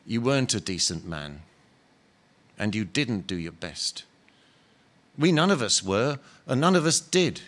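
A man reading aloud and voicing a patient, humble male spirit who talks softly and earnestly. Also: fairly low pitch, unhurried, pauses often, voice pushed down. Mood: gentle. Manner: calm, soft, earnest and patient. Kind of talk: dramatic reading of a novel.

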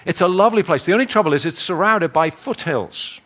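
A man preaching a sermon in a measured way, reading scripture and telling stories with energy. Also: high voice. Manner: measured, hushed prayer and lively storytelling.

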